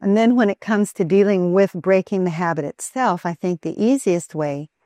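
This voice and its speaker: A mother giving a calm, earnest talk that teaches parents how to train their children in Christian character. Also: mid-range voice, moderate pace, no echo, studio quality.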